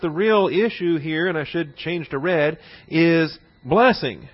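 A man teaches a Bible class in a relaxed lecturing voice, pitched a little high. He keeps checking in with his listeners as he goes. The recording sounds dull and lo-fi, as if from an old classroom tape. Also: takes it slowly. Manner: conversational, checks in often with "all right?" and "see?".

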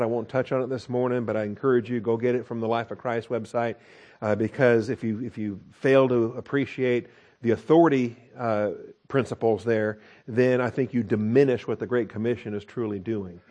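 A man's voice: mid-range voice, fairly even intonation, fairly quick, darkish tone. Man preaching, repeating key points. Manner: explanatory, repeats key points, frequent checking "all right?". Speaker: pastor teaching scripture. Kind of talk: expository sermon on Greek grammar.

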